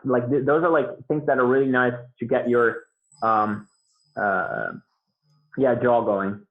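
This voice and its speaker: A man's voice: medium pitch, a little slow. Man rambling over a tinny call line. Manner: rambling, many fillers and restarts. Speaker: guest beatboxer. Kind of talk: casual interview talk.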